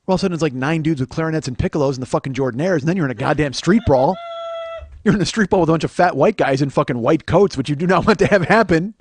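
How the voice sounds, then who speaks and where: Male comedian host, rapid rambling profane riffing, slightly high voice, dry close sound. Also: husky, no room sound. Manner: profane, rambling, breaks into laughter. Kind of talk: comic monologue.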